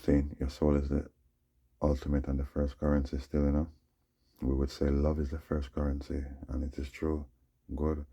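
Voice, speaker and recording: A man's voice: rumbling low, completely flat delivery, normal speed, mellow, breathy edge, lo-fi sound. A man in his forties telling a long, meandering story in a slangy, casual way and often checking in with the listener. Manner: slangy, meandering, repeats "you know what I'm saying". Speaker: vlogger. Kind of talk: rambling storytelling monologue.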